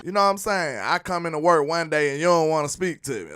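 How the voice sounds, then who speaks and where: A man hosting a casual live sports talk show, laughing often and slipping into a preachy, animated way of talking. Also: on the high side, moderate pace, over loud music.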